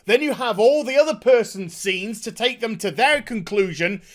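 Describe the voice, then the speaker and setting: A man's voice: high-pitched, animated, moderate pace. A man ranting sarcastically in a review vlog, exasperated and swearing a lot. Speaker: TV episode reviewer.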